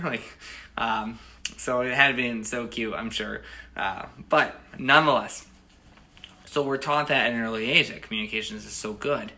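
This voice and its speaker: Gravelly man telling a rambling story. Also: medium pitch, steady tone, normal speed, pushed and bright. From United States. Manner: rambling, with frequent restarts and "you know". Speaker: storyteller and host. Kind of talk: casual spoken storytelling.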